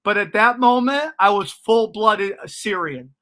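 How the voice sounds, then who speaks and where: A male comedian telling stand-up stories in a casual interview, animated and profane, laughing at his own stories. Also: high-pitched, a little slow. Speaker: comedian guest.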